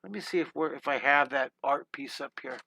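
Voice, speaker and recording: A man's voice: mid-range voice, a little fast, vocal fry, sharp tone, husky, no room sound. A middle-aged man teaching a live drawing lesson, chatty and enthusiastic. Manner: upbeat, chatty, enthusiastic with exclamations.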